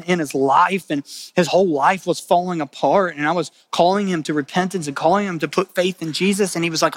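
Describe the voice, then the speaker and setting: A man's voice: a little high, no room sound. Earnest preaching man, dry close sound. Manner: swings from loud emphatic outbursts to hushed, quiet delivery; earnest, conversational preaching with repeated phrases. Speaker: pastor. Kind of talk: sermon.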